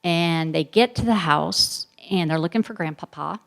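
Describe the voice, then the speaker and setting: A middle-aged woman historian, a guest speaker who answers audience questions with animated, emphatic storytelling and asides. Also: on the low side, moderate pace, vocal fry.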